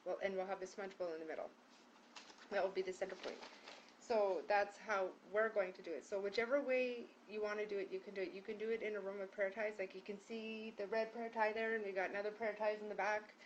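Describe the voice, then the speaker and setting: A woman's voice: medium pitch, fairly even intonation, fast talker, dull audio, slight background noise. A woman healer teaching a group how to set up a prayer ceremony, in a casual, rambling way with many fillers and restarts, from a room hung with prayer ties. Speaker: spiritual healer leading a group prayer session. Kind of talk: casual spoken instruction.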